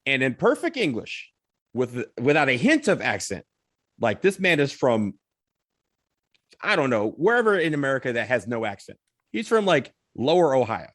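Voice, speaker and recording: A man spinning a story on a podcast in a loose, animated way, now and then swearing. His voice sits at an ordinary middle pitch. The sound is close and dry, with no room around it. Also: moderate pace, no echo. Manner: animated, swears, acts out others' lines. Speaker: podcast co-host. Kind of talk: casual storytelling.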